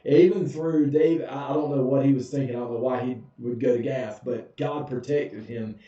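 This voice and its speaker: Folksy preacher, echoing from afar. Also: male voice, medium pitch, fairly even intonation, moderate pace, dark tone. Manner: folksy, humorous, chuckles often. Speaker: pastor. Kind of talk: casual Bible study teaching. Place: church sanctuary. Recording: echoey, dull, far from mic.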